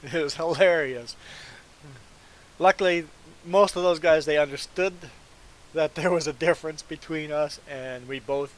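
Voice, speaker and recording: A man's voice: a little high, measured pace, long pauses, low-quality recording. A man from Canada chatting casually as a live streamer, telling rambling stories and chuckling often. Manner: relaxed, rambling storyteller who chuckles often. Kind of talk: casual chat while playing a game.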